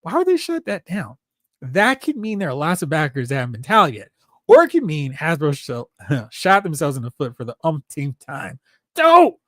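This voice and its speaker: A man hosting a toy collecting live stream, chatting casually and excitedly while reading viewer comments aloud. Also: on the high side, moderate pace, no echo, clean studio sound. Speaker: host of a toy collecting show.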